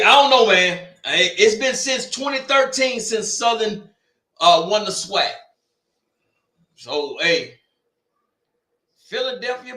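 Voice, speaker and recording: A man hosting a watch party, reacting loudly and chatting casually as the game plays. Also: high-pitched, roomy sound. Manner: loud, animated, talks back to the game. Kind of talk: casual live-stream reactions.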